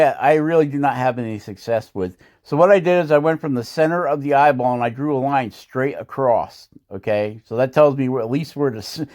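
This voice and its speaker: A man's voice: medium pitch, a little mellow. A man hosting a woodcarving channel, talking through his work in a casual how-to voice-over, rambling and self-deprecating with frequent chuckles.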